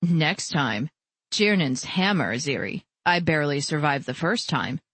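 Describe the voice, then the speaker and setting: A woman doing a low, teasing male lover. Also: animated, measured pace, fairly bright tone, husky, no echo, heavily acted. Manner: teasing, playful. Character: adult man, teasing lover.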